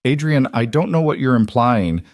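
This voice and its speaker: A man's voice: mid-range voice, expressive, normal speed, no room sound, pitched above the performer's own voice, lightly acted. Man doing scheming young fiancée, composed but pleading, dry sound. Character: calculating young woman, fiancée.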